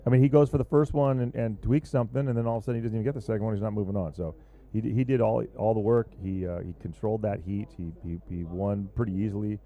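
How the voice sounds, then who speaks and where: A man calling a surf contest live, his voice low and very dark in tone. He talks in a loose, joking way, rambling through plenty of fillers as he chats with his co-host. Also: fairly even intonation, quick pace, highs cut off. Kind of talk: live sports commentary.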